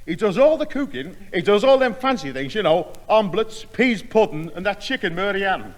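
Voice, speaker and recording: An actor playing a loud, overfamiliar neighbour who laughs at his own jokes, in a vintage radio comedy. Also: high-pitched, expressive, brisk, big-room sound, a little hiss or hum. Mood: jovial. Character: brash, joke-cracking middle-aged neighbour. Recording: old broadcast with studio audience laughter.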